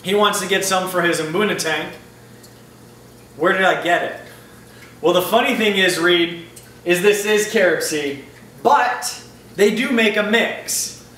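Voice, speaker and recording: A friendly, loose-talking man chats through viewer questions in a casual vlog. His voice is bright and a touch high, and the room is echoey. He sits back from the mic, with a faint hum of room noise behind him. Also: measured pace, long pauses, distant mic. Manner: chatty, upbeat, loose and informal. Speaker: aquarium hobbyist answering viewer questions. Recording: roomy echo, mic set back, faint ambient noise.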